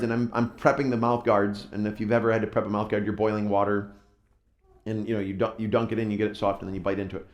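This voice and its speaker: A man's voice: fairly low pitch, steady tone, quick pace. A man preaching a sermon in a conversational, self-deprecating storytelling way, recorded in a church hall. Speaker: pastor. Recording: roomy echo.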